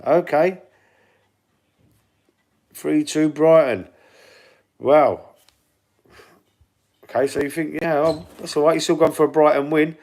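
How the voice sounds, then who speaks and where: A middle-aged man with a London Cockney accent, casually chatting through football predictions on a livestream and reading viewer comments aloud. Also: a little high. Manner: chatty, reads out viewer comments and predictions, stumbles and repeats words. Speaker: football channel host reading live chat.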